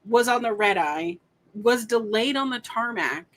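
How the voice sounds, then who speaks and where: A woman, a podcast guest, chatting casually and telling animated stories with swearing and frequent laughter. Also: fairly high pitch, unhurried. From United States. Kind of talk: casual chat.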